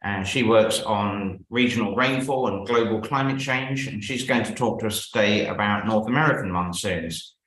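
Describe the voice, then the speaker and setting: Low man hosting a video-call seminar, echoey room sound. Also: normal speed, few pauses, a bit bright. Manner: formal introduction with small restarts. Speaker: seminar host. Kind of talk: introducing a speaker.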